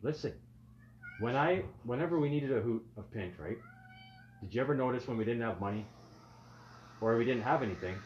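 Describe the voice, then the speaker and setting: A man's voice: mid-range voice, expressive, brisk, long pauses, a little mellow. A man lecturing insistently in a heated casual argument, swearing as he talks. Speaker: friend in conversation. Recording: muffled lo-fi recording with faint noise.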